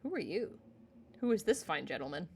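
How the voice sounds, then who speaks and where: With a fairly low, sing-song voice that has a breathy edge, a woman talks fairly quickly while playing a story game on stream. She reads the narration out loud and follows it with giggly, chatty commentary.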